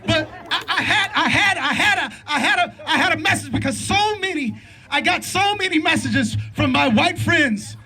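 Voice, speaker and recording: At a street protest, with a crowd faintly audible behind him, a middle-aged man delivers a fervent rally speech in a preacher-like cadence, repeating himself often. His voice is extremely high-pitched and sharp, expressive, and moves at a normal speed.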